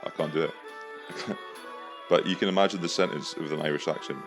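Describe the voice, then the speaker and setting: A man's voice: very deep voice, fairly even intonation, brisk, over music. A young man hosting a podcast, telling a story in a crude, profane, comic rant. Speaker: podcast host. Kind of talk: casual storytelling monologue.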